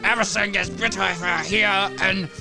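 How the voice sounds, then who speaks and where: A man's voice: high voice, level tone, a little fast, creaky, music in the background. A man voicing a boastful, crude French stand-up comedian in a fake French accent and broken English.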